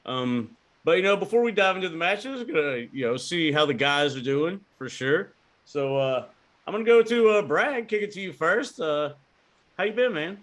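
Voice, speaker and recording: A man hosting a podcast, opening the show in a relaxed, filler-heavy way. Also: a little high. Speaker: podcast host.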